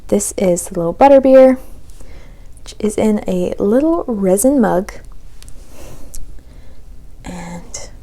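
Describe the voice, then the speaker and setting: A young adult woman hosting a podcast, chatting casually about her knitting projects and sometimes slipping into a soft whisper. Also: mid-range voice, animated, a little slow. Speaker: podcast host.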